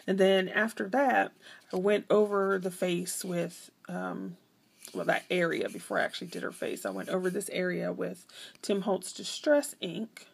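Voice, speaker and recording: Chatty woman with a gravelly voice. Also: on the low side, steady tone, moderate pace. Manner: chatty, rambling, self-correcting. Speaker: craft vlogger. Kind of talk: casual show-and-tell.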